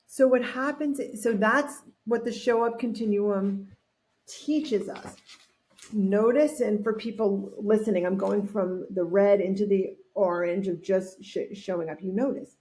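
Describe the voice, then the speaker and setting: Mellow-voiced woman telling a story. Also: mid-range voice, unhurried. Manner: animated storyteller acting out quotes, frequent restarts. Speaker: podcast guest, author. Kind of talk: storytelling in a podcast interview.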